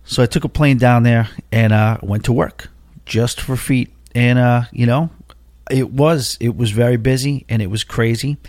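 A man's voice: medium pitch, fairly even intonation, normal speed, darkish tone, no echo, clean studio sound. A man, hosting a podcast and telling a long personal story in a casual, rambling way, full of asides and fillers. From Long Island, New York. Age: 40s. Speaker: podcast host.

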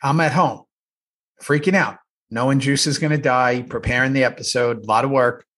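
An actor co-hosting a casual rewatch podcast shares behind-the-scenes stories, swearing a lot and staying animated throughout. His voice is mid-range at a moderate pace.

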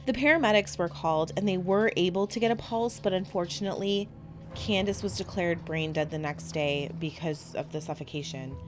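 A woman's voice: on the low side, brisk, music in the background. A woman co-hosting a podcast, somberly narrating a true crime case and chatting with her co-host.

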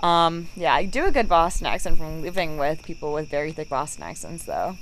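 A woman's voice: sits low, sing-song, fairly quick, a little hiss or hum, poor audio. A woman chatting casually on a podcast, peppering her talk with "like". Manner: frequent "like" fillers, chatty. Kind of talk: casual chat.

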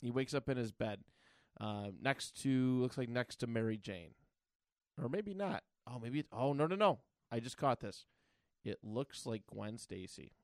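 Smooth-voiced man rambling through a comic recap. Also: medium pitch, expressive, dry recording, studio quality. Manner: rambling, acts out comic characters in quick put-on voices. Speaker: podcast co-host. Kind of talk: casual chat recapping a comic book.

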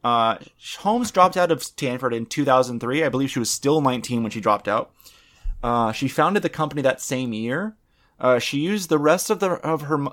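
A man's voice: medium pitch, a bit bright. A man hosting a casual podcast chat, rambling with many fillers and restarts. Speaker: podcast host presenting the topic.

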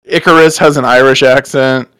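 A man's voice: mid-range voice, steady tone, moderate pace, pushed and bright, clear, resonant tone, dry recording. A man co-hosting a casual movie review podcast, laid-back and agreeable, swearing casually. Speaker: podcast co-host.

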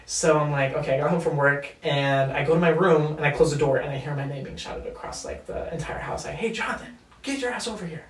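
A man's voice: on the high side, level tone, fairly quick, few pauses. A man in his twenties, a podcast guest, telling a personal story in a loose, profane way, full of fillers. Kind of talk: casual storytelling chat. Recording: roomy and distant from mic.

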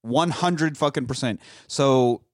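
A man's voice: medium pitch, slow pace, no echo, studio quality. A man casually recapping a movie with a friend, rambling and swearing freely, breaking into quoted lines. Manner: rambling, profane, quotes lines in silly voices. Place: lives in Austin.

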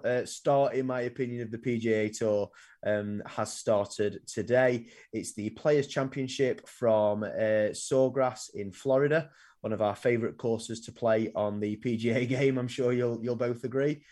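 A young man hosting a sports podcast, rambling with lots of ums and restarts, often trailing off quietly. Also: medium pitch, fairly even intonation, a little slow. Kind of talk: casual sports chat.

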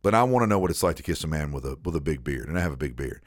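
A man's voice: a bass voice, lively intonation, racing, no echo, clean studio sound. A man telling a long personal story in casual chat, rambling and repeating himself as he acts out what was said.

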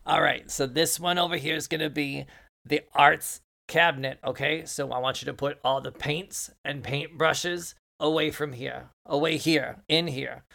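Brief: gruff, gravelly counselor barking orders in a tabletop game, played by the game master. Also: medium pitch, fairly even intonation, normal speed, pushed and bright. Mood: bossy. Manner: bossy, crude, rambling orders. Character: gruff camp counselor who smokes.

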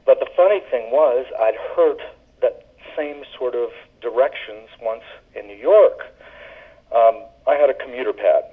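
A man from the Southern US phones in to reminisce rambling and casually about working as a flight attendant, peppering his talk with ums and uhs. His mid-range voice is slightly rough and a little slow, heard over a tinny phone line.

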